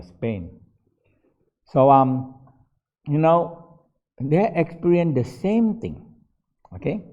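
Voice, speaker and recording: A fairly low, creaky voice carries the stories of an older meditation teacher at a casual workshop. Not an English speaker, he uses broken English and laughs frequently, heard through a dull lo-fi recording.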